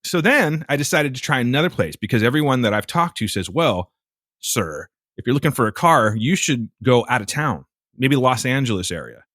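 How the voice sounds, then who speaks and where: A man's voice: mid-range voice, moderate pace, dry recording, clean studio sound. A man co-hosting a podcast, telling a story in a casual, exasperated way with plenty of swearing. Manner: profane, exasperated, animated storytelling. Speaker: podcast co-host.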